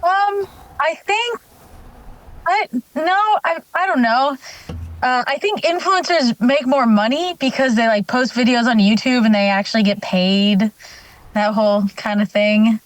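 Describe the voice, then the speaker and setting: A woman speaking as a podcast guest with a high voice. She answers in a modest, halting way with small laughs, playing down praise. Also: no room sound, poor audio. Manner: modest, hesitant, laughs lightly. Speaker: guest mountain bike rider. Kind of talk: casual chat.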